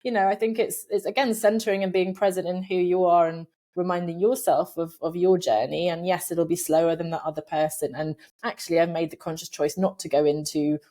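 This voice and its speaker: A middle-aged woman being interviewed from her home office, talking in a lively, animated way, laughing often and acting out voices in her head. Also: on the low side, fairly quick, hardly any pauses. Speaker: podcast guest, career coach. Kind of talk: casual conversational interview.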